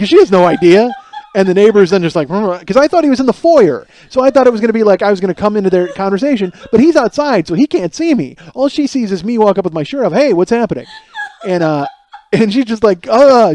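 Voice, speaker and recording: Fast-talking, mellow-voiced man spinning a yarn. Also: sits high. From Chicago. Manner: rambling storyteller with frequent restarts and profanity. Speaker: podcast host. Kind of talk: casual comic monologue.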